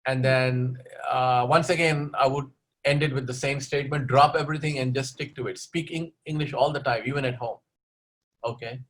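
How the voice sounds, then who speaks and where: A man's voice: mid-range voice, steady tone, normal speed, a bit bright. A man answering audience questions as the speaker of an online webinar, giving advice on learning English and often ending points with "okay?". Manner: advising, repeats "okay?" after points.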